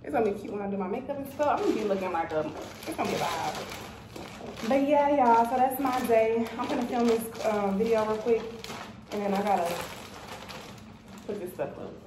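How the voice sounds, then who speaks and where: A woman vlogger chatting casually to camera, animated and talkative. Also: fairly high pitch, fairly quick, echoey room, noisy background. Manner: chatty, animated, addresses viewers as y'all. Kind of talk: casual vlog chat to camera.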